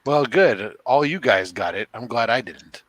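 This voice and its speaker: A man's voice: mid-range voice, expressive, unhurried, a bit bright, dry recording. A man hosting a casual online hangout, joking in a mock-serious way. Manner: playful, mock-serious banter. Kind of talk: casual group chat.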